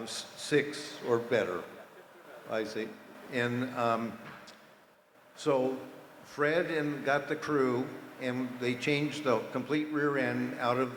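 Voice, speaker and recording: An older man, a team founder and former driver, recounting racing history at a dinner panel in a relaxed, measured way with frequent ums. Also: medium pitch. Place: banquet hall during a dinner. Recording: echoey banquet hall over a PA, faint noise.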